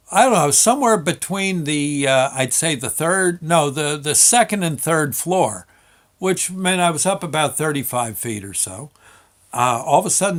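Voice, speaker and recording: A man's voice: a little high, a bit bright. A man telling a story from his working life in a casual, rambling way, full of fillers and restarts. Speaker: show host.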